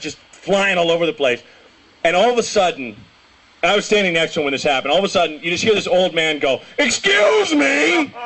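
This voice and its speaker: A young man doing a stand-up comedy set, telling rambling stories and breaking into shouted impressions. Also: high voice, slight background noise. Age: young adult. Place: small comedy show venue.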